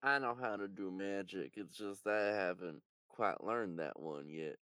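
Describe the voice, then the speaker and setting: A man playing a tabletop game, talking in a laid-back, low-key way. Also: unhurried, pushed and bright, clean tone, no room sound. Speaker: player. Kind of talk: casual tabletop play.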